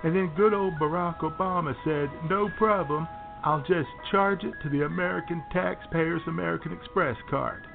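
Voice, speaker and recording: A man's voice: on the high side, normal speed, gravelly, over music. A man voicing a blustering right-wing male radio pundit who rants with sneering pomposity, recorded on a tinny phone-like line. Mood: ranting sneer.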